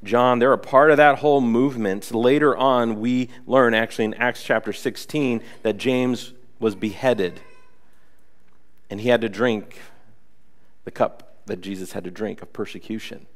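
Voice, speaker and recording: Animated male preacher acting out scripture. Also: mid-range voice, normal speed. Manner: animated, acts out the story, asks the congregation. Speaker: pastor. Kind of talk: sermon.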